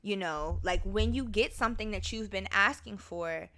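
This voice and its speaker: A woman's voice: medium pitch, normal speed, a bit bright. A young woman hosting her own podcast, talking casually and profanely, and breaking into song now and then. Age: young adult. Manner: chatty, profane, bursts into song. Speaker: podcast host. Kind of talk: casual solo podcast chat.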